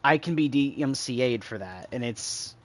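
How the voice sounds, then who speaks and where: A man with a mid-range, animated voice streams a shooter game at normal speed. He rambles casually to his chat and imitates game sounds while he explains things.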